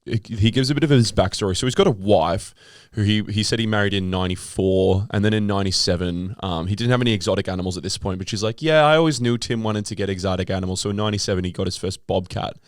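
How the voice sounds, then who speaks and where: A man's voice: sits low, steady tone, fast talker, no room sound, clean studio sound. A man co-hosting a podcast, recapping a documentary in a rambling, laid-back way. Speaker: podcast co-host. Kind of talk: casual chat.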